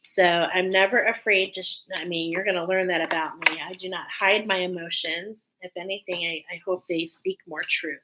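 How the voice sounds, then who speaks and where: A woman's voice: fairly low pitch, steady tone, moderate pace, few pauses, bright, forceful tone, a little hiss or hum, rough recording. A woman giving a spiritual card reading to her viewers, speaking in soothing, affirming phrases and openly emotional. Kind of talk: intuitive tarot-style reading to viewers.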